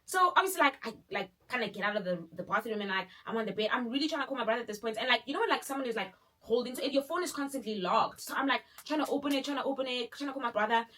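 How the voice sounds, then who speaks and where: Bright-voiced young woman. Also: a little high, rapid-fire, few pauses, a little hiss or hum. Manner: animated, dramatic retelling with many fillers. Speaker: vlogger. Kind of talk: casual storytime.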